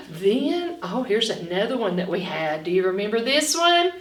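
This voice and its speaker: Animated woman teaching phonics, far-off echo. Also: on the high side. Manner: animated, with dramatic gasps, slow and clearly spoken. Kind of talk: storybook reading and phonics lesson for children. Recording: echoey room, far from the mic.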